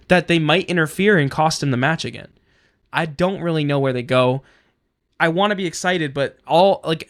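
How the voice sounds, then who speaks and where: A man's voice: a little high, a bit bright. A man co-hosting a wrestling podcast, giving earnest opinions in casual chat. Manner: earnest, opinionated, thinks aloud. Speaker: podcast co-host.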